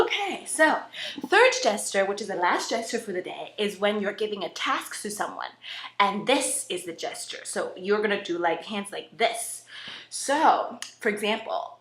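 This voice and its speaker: A young woman hosting a playful comedic audition, chatty and animated. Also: medium pitch, normal speed. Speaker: host audition contestant. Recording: roomy echo.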